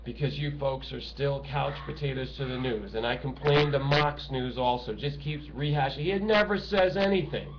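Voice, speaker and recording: A middle-aged man delivering a bitter, profane monologue to camera, swinging between shouting and hushed talk. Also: mid-range voice, moderate pace, few pauses. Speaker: political video ranter. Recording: dull lo-fi home recording with noise.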